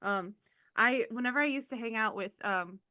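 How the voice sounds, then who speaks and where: A woman's voice: fairly high pitch, moderate pace, sharp tone, dry recording. A woman co-hosting a podcast in casual chat, giggly and self-deprecating, swearing casually. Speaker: podcast co-host.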